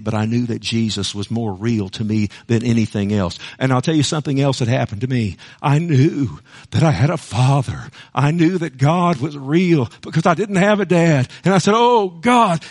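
A middle-aged man preaching a passionate sermon, swinging between hushed, intimate moments and loud, rousing ones. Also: mid-range voice. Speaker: pastor.

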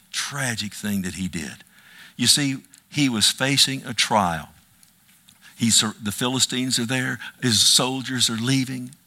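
A middle-aged man, a pastor, preaching a conversational sermon with sudden loud, drawn-out emphasis. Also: mid-range voice.

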